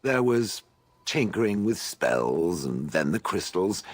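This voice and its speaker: An actor playing a haughty, aloof male stone golem in a game, speaking with posh, husky dryness. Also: sits low, big pitch swings, takes it slowly, heavily acted. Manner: posh, refers to others as "it". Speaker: game character. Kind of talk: voiced game dialogue.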